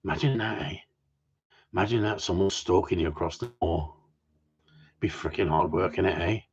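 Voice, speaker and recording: A man's voice: sits low, normal speed, darkish tone, breathy edge. A man, teasing and joking crudely with friends, swearing freely and laughing often. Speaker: host of a gundog group chat. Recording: dull lo-fi sound.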